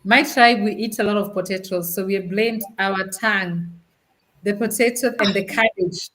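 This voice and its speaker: A woman's voice: mid-range voice, steady tone, moderate pace, a bit bright, low-quality recording. A woman from Africa hosting a live-streamed talk show, chatty, laughing often as she reads out greetings from viewers. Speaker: host.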